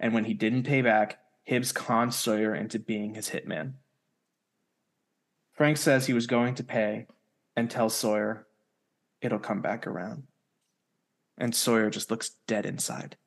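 A man's voice: lowish voice, fairly even intonation, unhurried, pauses often. A man co-hosting a casual podcast, recapping the story of a TV episode step by step in a plain, conversational way. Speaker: podcast co-host.

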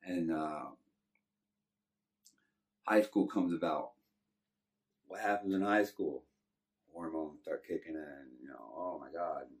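A man's voice: a bass voice, takes it slowly, long pauses. A middle-aged man from Texas with a Texan accent, telling his life story in a laid-back, rambling way. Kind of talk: casual storytelling. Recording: distant from the mic.

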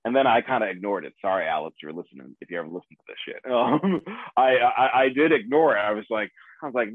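Low-voiced man telling a story over a phone-like line. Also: animated, fast talker, no room sound. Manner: profane, laughing, self-deprecating. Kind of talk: casual storytelling. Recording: dry tinny phone-like sound.

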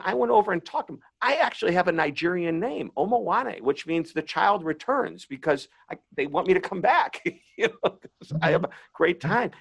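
A man's voice: a little high, lively intonation, fairly quick, vocal fry, fairly bright tone. A man hosting the talk, telling a rambling, self-deprecating story in a casual way.

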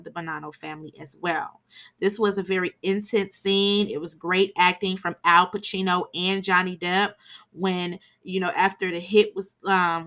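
A woman's voice: fairly low pitch, bright, forceful tone. A woman hosting a podcast, giving a chatty, frank film recap and swearing now and then for emphasis. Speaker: podcast host.

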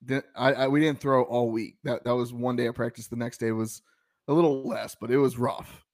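A Southern American man in easy conversation on a sports podcast. He rambles and restarts his sentences, then picks up speed as he builds a story, and his voice sits at a middle pitch. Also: fairly even intonation, brisk, a little mellow. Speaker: podcast co-host. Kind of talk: casual sports chat.

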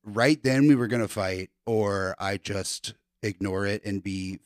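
A man's voice: lowish voice, measured pace, no room sound, studio quality. A man, a guest comedian, chatting casually on a podcast, laughing often and rambling through a story with lots of fillers.

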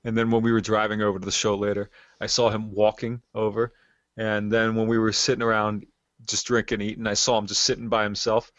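Low-voiced man in his thirties, rambling. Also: flat delivery, a little fast, a bit bright, no echo. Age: 30s. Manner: rambling storyteller, lots of fillers. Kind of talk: casual chat. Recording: dull lo-fi sound.

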